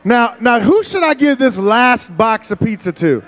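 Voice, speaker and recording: High, lively-voiced youth pastor man. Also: unhurried. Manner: playful, loud crowd-wrangling, often shouting. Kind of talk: youth ministry sermon.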